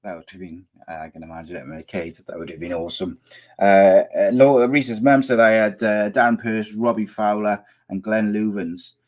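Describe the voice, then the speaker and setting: This is a middle-aged man from Wales with a lowish voice that is going hoarse. He talks casually to his live chat, reading out comments and teasing people. His sentences ramble and restart as he goes. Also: steady tone, moderate pace, darkish tone. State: losing his voice. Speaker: podcast host reading viewer comments.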